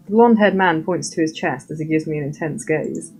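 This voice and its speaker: A woman's voice: deep voice, brisk, darkish tone, faint music behind. A woman reading a story game aloud as narrator, with wry, playful asides of her own.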